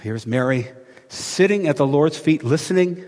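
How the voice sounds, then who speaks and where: A man's voice: a little high, lively intonation, moderate pace, a little mellow. A man preaching a sermon in a conversational, storytelling manner. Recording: long hall reverb.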